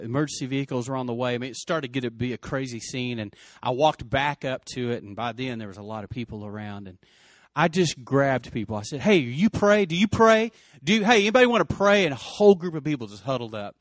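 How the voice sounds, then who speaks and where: A man's voice: mid-range voice, a little fast, dry recording, clean studio sound. A middle-aged man earnestly retelling an emotional story, with many restarts. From West Texas. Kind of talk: personal storytelling.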